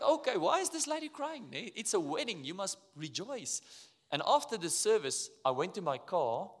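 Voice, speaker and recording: A man from South Africa with an Afrikaans accent, preaching a sermon in a church, telling stories and dropping to quiet asides. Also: high voice. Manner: animated, storytelling, drops to quiet asides. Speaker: pastor. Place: church auditorium. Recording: reverberant church hall.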